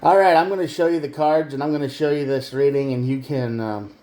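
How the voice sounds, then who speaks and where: A man's voice: medium pitch, brisk, darkish tone. A man giving a tarot reading straight to the viewer, earnest and emphatic. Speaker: tarot reader. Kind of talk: direct-to-camera tarot reading.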